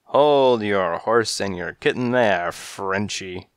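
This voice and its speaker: A man voicing a huge, menacing tough tomcat who talks gruff and low in a storybook reading. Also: slow, no echo, clean studio sound. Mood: threatening.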